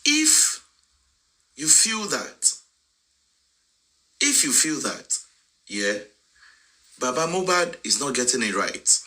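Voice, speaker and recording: A man's voice: medium pitch, very animated, slow pace, long pauses, bright, forceful tone, poor audio. A man with a Nigerian accent giving an impassioned address, switching between English, Yoruba and pidgin and growing emphatic. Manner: mixes English, Yoruba and pidgin, emphatic and rising when indignant. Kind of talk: impassioned live-stream address.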